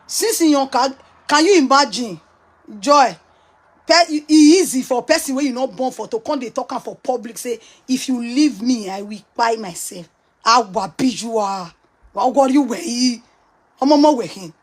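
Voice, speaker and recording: High-voiced Nigerian woman ranting. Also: animated, moderate pace, husky. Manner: mocking and scolding, laughs often. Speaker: online commentator. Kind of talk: casual rant to viewers.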